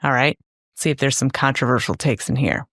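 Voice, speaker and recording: A young woman co-hosting a podcast with low, teasing delivery. She jokes and riffs in casual chat. The sound is dry and close, with no room echo. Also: fairly quick, fairly bright tone. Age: young adult. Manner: playful, teasing banter. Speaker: podcast co-host.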